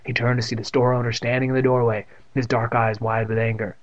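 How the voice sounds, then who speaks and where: A man's voice: medium pitch, little pitch movement, fast talker. A man reading a children's book aloud and tossing in joking asides. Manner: adds joking asides to the text. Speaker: reader. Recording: muffled lo-fi recording.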